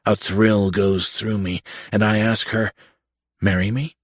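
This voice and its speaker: Male romance audiobook narrator, husky and intimate, dry booth sound. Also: lowish voice, flat delivery, a little slow, dry recording.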